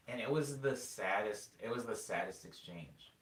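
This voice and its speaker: A man's voice: on the low side, normal speed, few pauses, far from the mic. Laid-back young man rambling to his chat. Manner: rambling, animated storytelling with filler words. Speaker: music streamer answering chat. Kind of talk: casual stream chat. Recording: echoey room, voice a bit off-mic.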